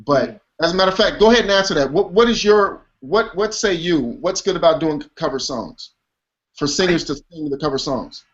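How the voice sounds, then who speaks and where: A male host with a fairly high voice asks loose questions and teases his guests. He sounds far from the mic on a dull, lo-fi line. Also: expressive, fairly quick. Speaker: show host. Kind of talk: casual interview talk.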